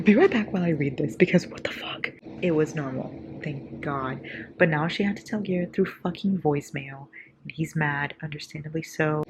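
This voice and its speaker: A woman's voice: deep voice, vocal fry. A sleep-deprived woman chatting about a book she's reading, casual and profane, laughing often. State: sleep-deprived, a little delirious. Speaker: book vlogger. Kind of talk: casual reading-reaction vlog. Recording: audible background noise.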